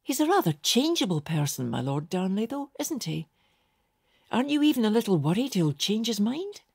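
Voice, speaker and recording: A woman's voice: medium pitch, big pitch swings, moderate pace, creaky, darkish tone, breathy edge, no room sound, studio quality, voice pushed up, heavily acted. A woman narrator voicing a nervous, polite young nobleman who asks anxious, careful questions.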